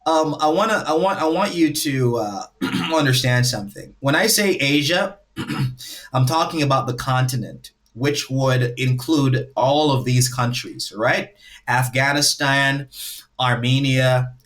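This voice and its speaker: A man's voice: mid-range voice, measured pace, a bit bright. A man hosting a livestream in a casual way, lecturing and laying out his points one by one. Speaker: livestream host.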